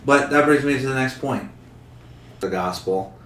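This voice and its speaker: A man's voice: mid-range voice, animated, normal speed, a bit bright. A young man hosting a casual podcast interview, playful and rambling as he quizzes his guests. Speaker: podcast host. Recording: roomy recording with faint background hum.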